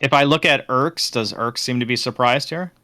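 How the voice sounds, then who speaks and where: Dude at a tabletop game, bright voice, keeps asking questions. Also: male voice, medium pitch, moderate pace. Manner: questioning, probing. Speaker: player.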